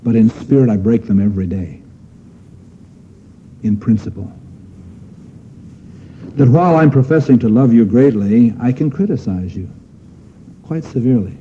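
A man's voice: mid-range voice, expressive, normal speed, pauses often, warm tone, slight background noise. A man preaching a sermon in an earnest manner, asking his listeners questions and pressing on key phrases. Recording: dull lo-fi sermon recording.

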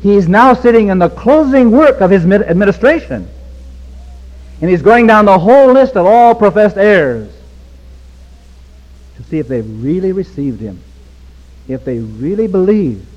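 A man preaching a sermon with passion, swinging from hushed pleading to near-shouting. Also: high voice, lively intonation, a little slow, pauses often. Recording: dull recording with long hall reverb.

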